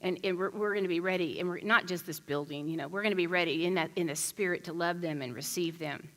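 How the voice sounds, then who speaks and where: Bright, animated woman preaching. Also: lowish voice, fast talker. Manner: animated, chatty storytelling with frequent restarts. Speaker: pastor. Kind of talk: conversational sermon.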